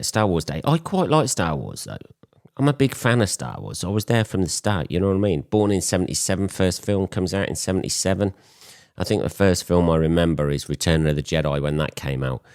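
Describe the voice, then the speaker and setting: A man in his forties, hoarse from a cold, hosting a podcast in a blunt, swearing, rambling monologue. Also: a bass voice, dry recording, clean studio sound. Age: 40s. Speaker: podcast host. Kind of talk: casual solo podcast monologue.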